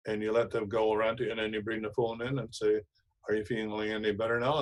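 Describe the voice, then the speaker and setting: Male host, emphatic and preachy, mid-pitched, repeats himself for effect. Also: poor audio. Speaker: show host. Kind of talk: casual advice talk.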